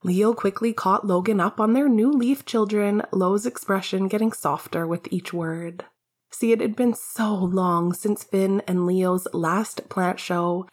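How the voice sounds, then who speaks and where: A woman's voice: mid-range voice, darkish tone. A woman narrating a fan fiction story in a wry, casual way, swearing freely. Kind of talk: fan fiction audiobook reading.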